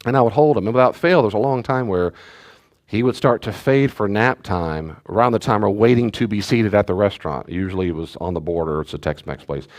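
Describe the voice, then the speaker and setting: This is a man with a fairly low voice, a pastor leading a church study class. He talks in a loose, conversational way and drops in joking asides to the people in the room. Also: brisk, darkish tone.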